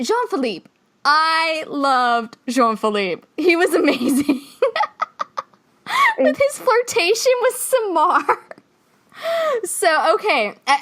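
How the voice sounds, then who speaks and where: A woman co-hosts a podcast, chatting casually and telling stories with frequent laughter. Her voice sits a little high and swings widely in pitch. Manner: animated, laughs often, tells stories. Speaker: podcast co-host. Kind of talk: casual chat.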